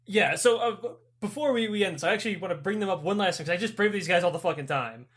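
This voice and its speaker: A young man with a notably high voice swaps crude, lively stories on a podcast. He swears constantly and jumps into voices for the people he describes, keeping the talk loose and animated. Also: fast, breathy edge. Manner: profane, animated storytelling with voiced characters. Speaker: podcast co-host. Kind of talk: casual chat.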